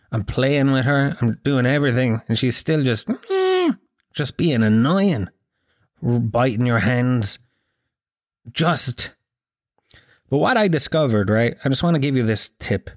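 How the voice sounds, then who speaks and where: A man's voice: mid-range voice, dry recording, studio quality. Irish man, profane comic rambling. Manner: profane, rambling, jokey storytelling. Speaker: podcast host. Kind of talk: comic podcast monologue.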